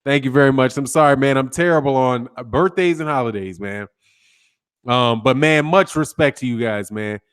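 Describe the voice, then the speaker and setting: A man's voice: mid-range voice, moderate pace, clean tone. A man hosting a casual boxing live stream, greeting viewers by name in a laid-back way and ending most lines with "man.". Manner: laid-back, says "man" constantly, shouting out names. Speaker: boxing YouTube host.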